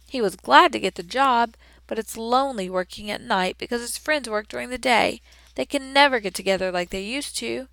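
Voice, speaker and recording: A woman reading a children's book aloud in an expressive, measured storytelling way. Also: fairly high pitch, gravelly, dry recording. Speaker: storybook reader.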